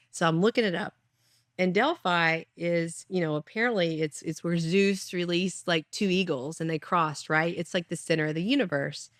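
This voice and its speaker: A woman who founded a ketamine clinic, telling a personal story in an animated way and acting out lines. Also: on the low side, moderate pace, no echo, studio quality. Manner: animated storyteller, acts out voices.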